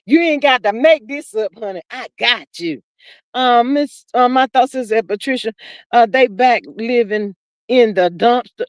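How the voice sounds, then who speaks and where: A woman's voice: high voice, lively intonation, a little slow, no room sound. A woman hosting a livestream, reading chat comments aloud and acting out scenes in a drawling, exclamatory, theatrical way. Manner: theatrical, acts out scenes in first person. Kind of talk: casual gossip commentary.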